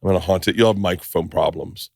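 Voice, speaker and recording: A man's voice: low voice, fast talker, background noise. A middle-aged man hosting a podcast, telling profane, rambling stories and acting out quoted lines in casual chat. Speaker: podcast host.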